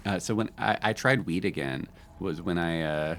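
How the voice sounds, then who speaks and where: Deep-voiced laid-back male streamer. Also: normal speed, fairly bright tone. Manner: rambling, laid-back, with frequent fillers and laughs. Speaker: game streamer. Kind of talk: casual live-stream chat and storytelling.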